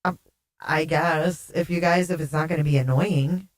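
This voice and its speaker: A woman with a somewhat low voice hosts a casual livestream and chats easily with her audience, reading their comments aloud. Her sound comes through oddly warbly and echoey. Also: steady tone, normal speed. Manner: chatty, reads viewer comments aloud, laughs often. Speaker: livestream host.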